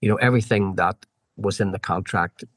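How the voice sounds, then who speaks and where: A middle-aged man with a Northern Irish accent, a podcast guest telling animated anecdotes full of quoted back-and-forth dialogue. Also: low voice, a little fast, no echo. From Northern Ireland. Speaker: guest, former road racer. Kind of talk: storytelling in a podcast interview.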